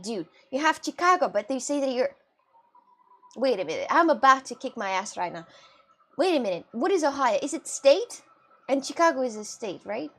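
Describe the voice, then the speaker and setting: Giggly high-voiced woman with a Russian-British accent. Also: a bit bright. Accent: Russian mixed with British. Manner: giggly, chatty, laughs often. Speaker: live streamer reading chat. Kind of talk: casual live-stream chat.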